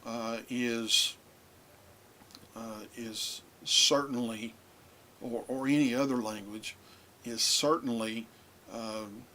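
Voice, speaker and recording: A man teaching a lesson, talking in a halting way with many fillers and restarts. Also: mid-range voice, steady tone, pushed and bright, slight background noise. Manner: addresses younger listeners. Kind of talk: lecture on biblical languages.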